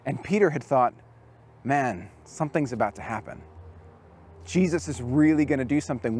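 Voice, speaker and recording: Lively man telling a youth sermon. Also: medium pitch. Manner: lively storyteller acting out quotes. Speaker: youth camp speaker.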